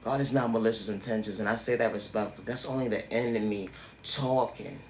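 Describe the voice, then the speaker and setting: A man's voice: lowish voice, steady tone, brisk, a little mellow, roomy sound, slight background noise. Preachy man with emphatic refrains. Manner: repetitive, emphatic, sermon-like refrains. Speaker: livestream host. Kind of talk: preachy motivational monologue.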